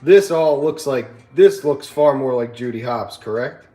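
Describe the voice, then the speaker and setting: A man hosting a casual livestream, talking to his viewers and laughing often as he tells a story. His voice sits at a middle pitch in a roomy, echoey space, with faint music playing behind him. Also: a little slow, mellow. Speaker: livestream host.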